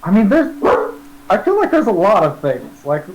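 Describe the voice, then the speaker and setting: A man's voice: sits high, huge pitch swings, moderate pace, a little hiss or hum, low-quality recording. A man playing a tabletop game, thinking aloud in a hesitant, casual way. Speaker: player.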